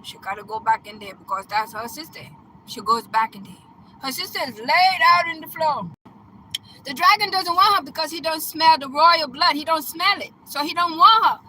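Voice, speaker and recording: Excitable woman coach with a high voice, chatty storyteller who keeps checking in with the listener. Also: moderate pace, slight background noise, poor audio. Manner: excitable, laughing, bursts into loud exclamations; chatty, checks in with "right?" and "okay?". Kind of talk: casual retelling of a film plot.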